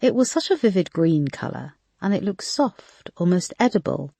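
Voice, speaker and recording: An audiobook narrator reading a thriller in a measured storytelling manner. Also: medium pitch, big pitch swings, creaky, warm tone, no echo. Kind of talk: scripted narration.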